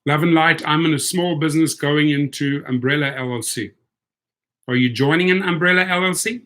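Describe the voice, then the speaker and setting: A man's voice: a little high, brisk, a bit bright. A man vlogging, talking casually at a table, rambling and repeating his words. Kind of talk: casual chat.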